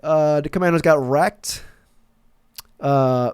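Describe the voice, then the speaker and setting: A man's voice: fairly high pitch, animated, normal speed, dry recording, clean studio sound. Rambling, stammering male sports fan. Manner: rambling, stammering restarts, profane asides. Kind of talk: casual fan commentary.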